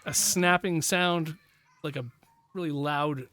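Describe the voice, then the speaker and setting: A man's voice: fairly high pitch, slow, noisy background. Upbeat man running a tabletop game. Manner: relaxed, laughs often, many fillers. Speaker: game master.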